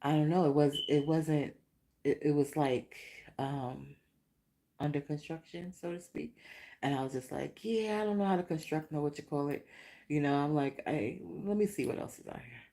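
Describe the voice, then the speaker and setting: A woman hosting a casual vlog-style podcast, telling a rambling, animated story with repeated questions. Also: low voice, moderate pace. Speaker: podcast host.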